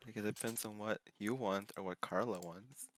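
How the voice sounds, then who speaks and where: A man's voice: fairly low pitch, normal speed, dry recording. A man playing in a tabletop game, joking and laughing often in casual chat. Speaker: player.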